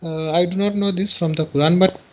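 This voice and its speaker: Man, debate caller, high voice, earnest, long explanations, keeps talking through interruptions. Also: steady tone, brisk, muffled recording. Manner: earnest, explains at length, talks over interruptions. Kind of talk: live-stream religious debate.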